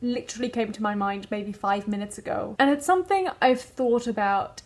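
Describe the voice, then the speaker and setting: A woman's voice: a little high, a little fast. A young woman from the Netherlands with a mostly British accent that carries a trace of Dutch and Australian, chatting to camera and wondering aloud. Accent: British English with Dutch and Australian traces. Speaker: vlogger. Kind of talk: casual chat to camera.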